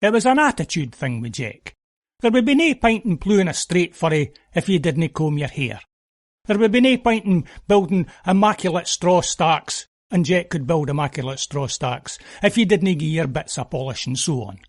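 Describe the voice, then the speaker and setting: A Scottish man telling a story in broad dialect, wry and homely, with a high voice. His pitch moves up and down lively, and the sound is dry and close. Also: normal speed, no room sound. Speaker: narrator. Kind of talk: dialect storytelling of an audio play.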